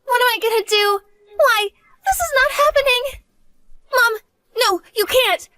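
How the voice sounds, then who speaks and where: A woman's voice: very high voice, big pitch swings, unhurried, a bit bright, no room sound, studio quality, full character voice. A woman voicing an earnest, devoted college-age daughter who talks to her mother. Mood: frightened. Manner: earnest, pleading.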